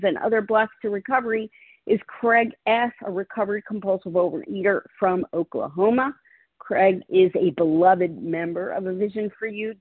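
Host, woman. Husky, measured, formal. Dry, phone-like sound. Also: medium pitch, no echo. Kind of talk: scripted introduction. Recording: dry, tinny phone line.

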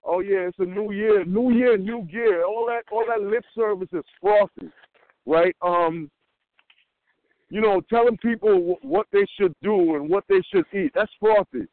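High-voiced man, halting phone share. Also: no room sound. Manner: halting, many fillers and restarts. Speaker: meeting member sharing. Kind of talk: casual recovery share. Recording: dry phone-line call audio.

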